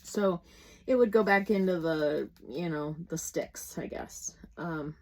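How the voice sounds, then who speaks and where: A middle-aged Midwestern US woman, a crafting vlogger, chats casually while working on a craft kit, telling a rambling story full of fillers and restarts. Her voice is fairly low, a little slow, and darkish, and the rough recording carries noticeable background noise.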